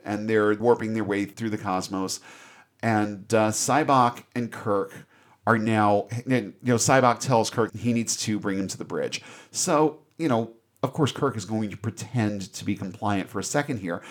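Low-voiced man recapping a movie. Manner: animated storyteller, swears freely.

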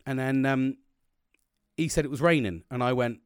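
A man talking straight to camera in a casual motivational style. He rambles and restarts, swears freely, and sounds earnest. His voice sits at a middling pitch with a dry, close sound. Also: a little fast, no room sound.

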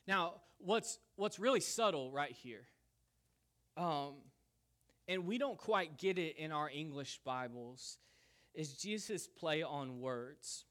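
Lively man preaching a sermon. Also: fairly high pitch, takes it slowly. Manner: lively, conversational preaching with Southern "y'all". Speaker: pastor.

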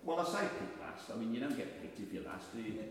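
A chatty man with a Birmingham accent telling stand-up comedy, his pitch swinging lively through self-mocking asides. He sounds far from the mic, and a long echo fills the hall. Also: quick pace. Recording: echoey hall, distant mic, faint noise.

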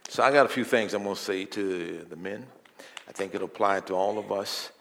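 An older man preaching a sermon as a guest, telling folksy stories and building from quiet talk to loud declarations. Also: a little fast, creaky, noisy background. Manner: folksy, swells from low murmur to loud preaching. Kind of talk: sermon with storytelling.

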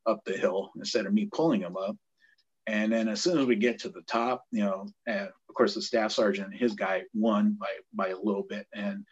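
A middle-aged man with a deep, breathy voice tells a training story in a loose, conversational way. He gets animated and acts out the people he quotes. The recording sounds dull and muffled. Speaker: guest, former Navy corpsman. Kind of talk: casual storytelling.

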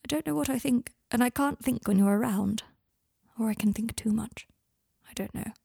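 A troubled, self-critical young man, read by a woman, talking in a halting, husky half-whisper. The sound is dry and close, with a breathy edge. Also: fairly high pitch, dry recording. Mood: hushed. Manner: hushed, halting, often near a whisper.

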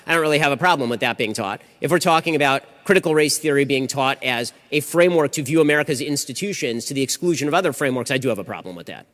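A man debating audience members in quick, clipped bursts, often restarting his sentences. His speech rushes along, and it carries the long reverb of a large hall. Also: medium pitch, expressive, a bit bright. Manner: fast, clipped, argumentative, frequent restarts. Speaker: speaker answering audience questions. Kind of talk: rapid-fire Q&A debate.

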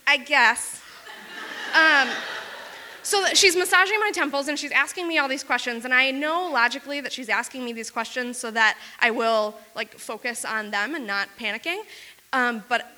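Bright, high-voiced woman telling a story on stage. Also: in a large hall. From Wisconsin. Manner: fast, self-mocking, lots of "like". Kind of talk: live comic storytelling.

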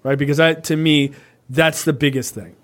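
This podcast co-host has a slightly high voice and talks at a moderate pace. He discusses politics casually, animated and profane, rambling along with plenty of "right?" asides.

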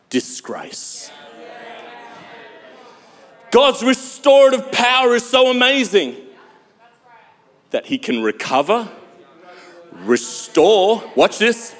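A male pastor preaching a sermon, emphatic, with dramatic pauses and sudden loud swells. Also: a little high. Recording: long hall reverb.

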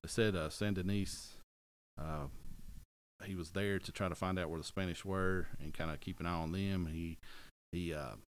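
A man's voice: low-pitched, fairly even intonation, normal speed, slight background noise. A middle-aged man chatting casually on a podcast, rambling, correcting himself and joking as he goes. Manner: rambling, self-correcting, jokey. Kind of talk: casual chat.

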